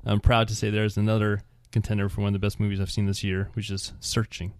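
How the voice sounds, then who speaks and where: A man's voice: lowish voice, completely flat delivery, fast, smooth, no room sound. A man co-hosting a podcast, easygoing and self-mocking as he runs through his picks. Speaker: podcast co-host. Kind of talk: casual chat.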